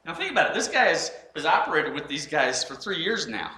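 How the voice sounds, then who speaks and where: Preacher guy giving a sermon, bright tense voice, lots of echo. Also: on the high side, fairly quick. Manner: animated, acts out scenes, frequent restarts. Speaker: pastor.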